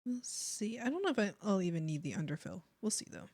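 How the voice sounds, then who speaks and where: A woman's voice: mid-range voice, big pitch swings, quick pace, a little mellow, slightly rough, no echo. A woman streaming her art, talking to herself as she draws and singing along to music now and then. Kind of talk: casual talk while drawing.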